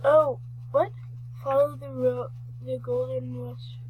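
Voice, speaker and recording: A woman giving chatty, excitable commentary while playing a horse game, rambling and restarting her sentences. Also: sits high, slow, a little hiss or hum, low-quality recording. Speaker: gaming vlogger.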